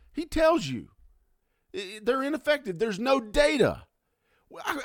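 A man's voice: fairly high pitch, no room sound, studio quality. Profane, heated man ranting. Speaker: talk show host. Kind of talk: angry political rant.

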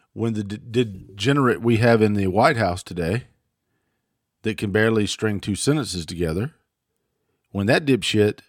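A man with a fairly low voice hosts his own show, ranting and cursing freely. The sound is dry and close, with no room echo. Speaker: show host. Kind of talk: political commentary monologue. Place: home.

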